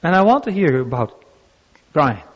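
An older male pastor with a slightly high voice and big pitch swings speaks at a normal pace. He gives a sermon on grief and listening, telling personal stories in a conversational, anecdotal way with frequent restarts. The recording is dull and lo-fi.

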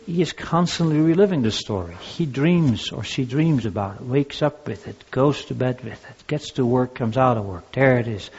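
A man's voice: mid-range voice, darkish tone, slightly rough. An older man preaching as a pastor, telling personal stories in a conversational, anecdotal way with frequent restarts. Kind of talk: sermon on grief and listening. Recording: dull lo-fi recording.

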